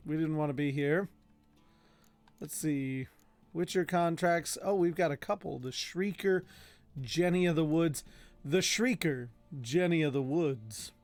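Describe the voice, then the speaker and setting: A man's voice: on the high side, animated, unhurried, darkish tone, faint music behind. A man streaming a game, reading in-game notices aloud, stumbling over odd names and tossing in joking asides. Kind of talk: casual gameplay commentary.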